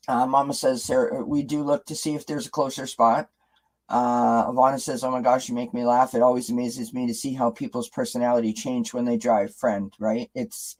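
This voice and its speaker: A chatty man hosts a live stream in a relaxed, conversational way, with a voice of ordinary middle pitch. He talks to viewers, reads out their comments and keeps asking rhetorical questions, often stopping to restart a sentence. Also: rough recording. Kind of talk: casual live-stream chat.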